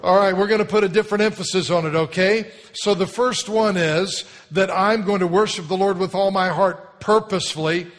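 High-voiced preaching man in reverberant church. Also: steady tone, brisk, few pauses. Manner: emphatic preaching, leads congregation in repeated phrases. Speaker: pastor. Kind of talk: sermon. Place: church sanctuary.

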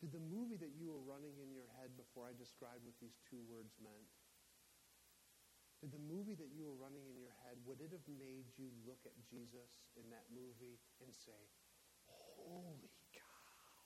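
A man preaching a sermon in a church, emphatic and climbing to near-shouts on his key points. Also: medium pitch, fairly quick. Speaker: pastor. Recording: echoey hall with faint hiss.

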